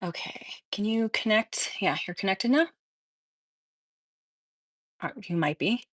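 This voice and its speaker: A woman's voice: mid-range voice, animated, takes it slowly, a bit bright, dry recording, studio quality. Chatty woman on a casual livestream. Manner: chatty, rambling, laughs often. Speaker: streamer. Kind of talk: casual live-stream chat.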